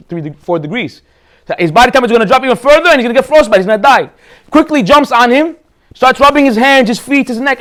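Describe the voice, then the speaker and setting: A man giving a Torah talk as a rabbi, telling stories in an animated way and acting out the characters. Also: extremely high pitch. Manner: animated storyteller, acts out characters.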